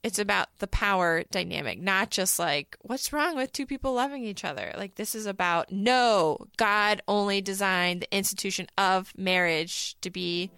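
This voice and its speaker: A woman co-hosting a casual podcast, talking in an animated, sarcastic way and often mimicking the people she quotes. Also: medium pitch, moderate pace, gravelly, few pauses, clear, resonant tone, no echo, studio quality. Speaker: podcast co-host.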